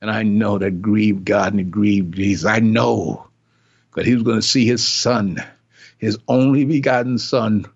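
An older man preaching an impassioned sermon, emphatic and repetitive, acting out the voices he quotes. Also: lowish voice. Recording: dull lo-fi recording.

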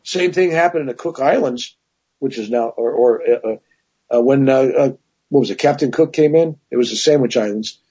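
A man's voice: mid-range voice, moderate pace, slightly rough, muffled recording. A man telling long personal stories as a guest in a casual interview, with many asides. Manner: rambling, animated anecdotes with many "right?" asides.

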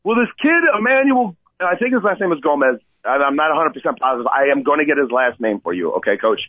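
A man co-hosting a talk radio show, telling a rescue story in an animated way and often asking "okay?". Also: a little high, fast, no echo. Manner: excitable, repeats "okay?" and addresses Coach. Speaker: radio co-host and kayak tour operator. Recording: tinny phone-line sound, dry.

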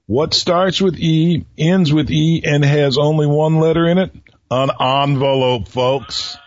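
A man hosting his own radio show, telling riddles to listeners in a slow, folksy, teasing way. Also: fairly high pitch, steady tone, dry recording, highs cut off. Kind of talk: solo radio talk with riddles.

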